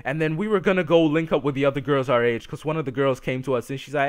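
Teen male gaming commentator, comic storyteller, animated and lively, frequent laughs and shouts. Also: a little high, fast, hardly any pauses. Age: teens. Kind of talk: comic storytelling over gameplay.

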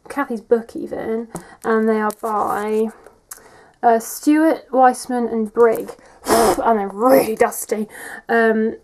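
A young woman chats through a casual bookshelf tour in her bedroom, rambling and filling gaps with "like" and "um". Her voice sits a little high, and a faint hiss runs under the camera mic. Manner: chatty and rambling, says "like" and "um" often. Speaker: vlogger.

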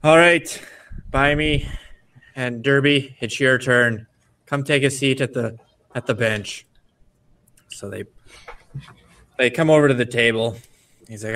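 A man running a tabletop role-playing game as game master, narrating the scene with lively storytelling. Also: medium pitch, measured pace, long pauses, far from the mic. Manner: lively storytelling, slipping into character voices.

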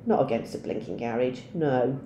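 Woman reading as a calm no-nonsense dad, easy and plain-spoken, storybook. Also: a bass voice, moderate pace, roomy sound, lo-fi sound, slight background noise.

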